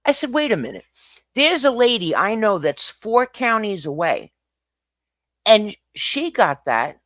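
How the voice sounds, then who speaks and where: A man hosting a livestream, talking casually in an animated, ranting way that swings from quiet to loud. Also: sits high, measured pace, no room sound, clean studio sound. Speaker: livestream host.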